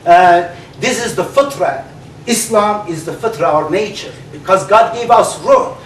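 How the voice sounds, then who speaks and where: High-voiced Turkish-accented man in an echoey hall. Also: slight background noise. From Turkey. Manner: animated, halting with many fillers. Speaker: debate speaker. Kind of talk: public debate speech. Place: large hall. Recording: echoey hall recorded from far off.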